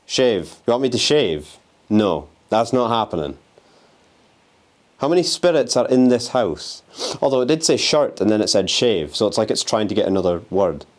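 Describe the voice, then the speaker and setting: Low-voiced man taunting ghosts on a vlog. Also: very animated, normal speed. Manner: restless, swearing, taunts the spirits. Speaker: urban explorer and ghost hunter. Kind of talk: handheld exploring vlog. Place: abandoned house on a windy day.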